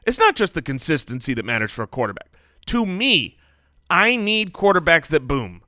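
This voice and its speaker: A man co-hosting a fantasy football podcast, animated and playful, joking between stats. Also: on the high side, normal speed, no room sound, studio quality. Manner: animated, playful, jokes and sings snippets. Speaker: podcast co-host.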